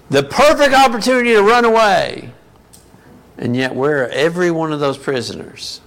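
Male preacher, gravelly voice, unhurried delivery, asks the room questions. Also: medium pitch, fairly bright tone. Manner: conversational teaching, asks the audience questions. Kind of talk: sermon.

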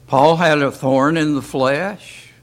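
Slow-spoken man leading a Bible study. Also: on the high side, fairly even intonation. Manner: slow, folksy, asks rhetorical questions. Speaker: Bible class teacher. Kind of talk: informal Bible study talk.

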